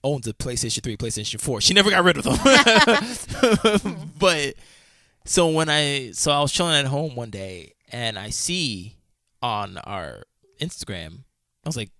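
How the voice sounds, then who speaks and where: A man's voice: medium pitch, expressive, unhurried, sharp tone, dry recording, studio quality. A man co-hosting a casual podcast chat, telling stories animatedly, laughing often and swearing casually. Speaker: podcast co-host.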